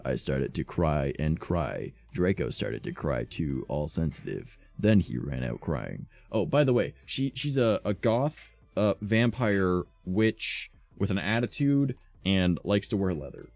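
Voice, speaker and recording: A man streaming while reading fan fiction aloud, adding profane, deadpan asides in a slightly sore voice. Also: deep voice, a little slow, vocal fry, hardly any pauses, dry recording.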